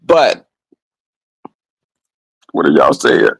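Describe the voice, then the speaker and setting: A man's voice: extremely low pitch, huge pitch swings, extremely slow, vocal fry, no room sound, poor audio. A man vlogging, telling crude comedic stories to his viewers in a flamboyant, brash way with lots of swearing.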